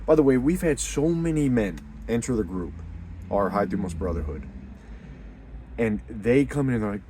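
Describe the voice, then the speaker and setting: A young man hosting a men's community video, talking casually and bluntly, calling the listener dude, with loud emphatic bursts. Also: medium pitch, expressive, normal speed, slight background noise. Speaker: host of a men's community channel. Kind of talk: casual unscripted monologue.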